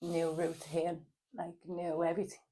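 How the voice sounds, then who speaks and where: Dublin woman chatting on a podcast, bit low voice, lots of ums, gets lively telling stories. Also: unhurried. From Ireland. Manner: hesitant, many fillers, animated when telling stories. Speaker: podcast guest. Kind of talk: casual chat.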